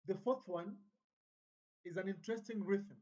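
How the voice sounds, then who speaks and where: A woman's voice: mid-range voice, normal speed, a little mellow, highs cut off. A woman teaching a music revision lesson, counting beats aloud and chanting rhythm syllables.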